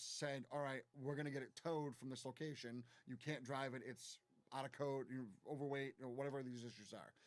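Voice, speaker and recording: A man's voice: medium pitch, no room sound. A man co-hosting a casual live stream, chiming in with detailed explanations of company incidents.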